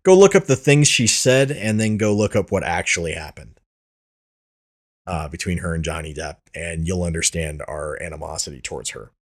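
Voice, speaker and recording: A man's voice: sits low, expressive, moderate pace. A man hosting a casual podcast chat, rambling and restarting his sentences, swearing freely. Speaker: podcast host.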